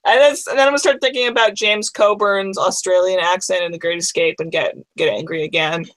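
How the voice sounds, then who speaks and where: A woman's voice: on the low side, fairly even intonation, a little fast, a bit bright, no echo, low-quality recording. Chatty wry woman podcast co-host. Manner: chatty, wry asides while reading aloud. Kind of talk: casual chat.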